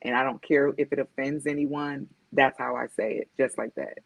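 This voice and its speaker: A woman's voice: very deep voice, steady tone, moderate pace, gravelly, no room sound. A woman guest talking candidly and reflectively on a podcast, speaking directly and acting out the voices she quotes. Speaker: guest author and motivational speaker. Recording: dull lo-fi dry sound.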